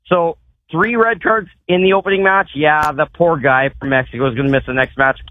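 Canadian man, superfan guest, excited rambling talk, tinny phone line, slightly high voice. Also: brisk, dry recording. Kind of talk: casual phone interview.

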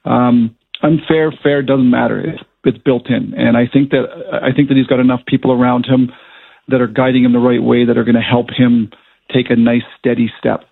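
A man's voice: medium pitch, level tone, normal speed, vocal fry, slightly rough. A middle-aged man, a former hockey player turned color analyst, chatting and telling stories in a radio interview. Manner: chatty, storytelling, laughs often. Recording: tinny phone line.

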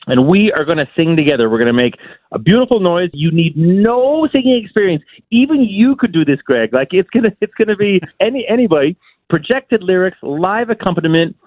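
A man's voice: fairly high pitch, no room sound. A man from Saskatchewan, a local musician, chatting as a guest on a radio show, talkative and enthusiastic with lots of "you know" fillers. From Saskatchewan, Canada. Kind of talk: casual radio interview chat. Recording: tinny phone line.

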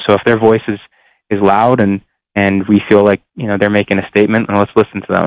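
A young man speaks as a radio guest in an earnest, searching way, his voice low and smooth with an even, flat delivery. The sound is dry and a little dull, as on a lo-fi line. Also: no room sound. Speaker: professional football player.

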